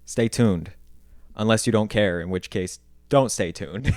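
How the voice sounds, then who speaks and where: A man's voice: lowish voice, animated, takes it slowly, a little mellow, no room sound, studio quality. A man from upstate New York with an upstate New York accent, explaining in a slangy, laid-back, self-mocking way. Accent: Upstate New York (Northern Cities vowel shift). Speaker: vlogger. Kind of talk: casual explainer vlog.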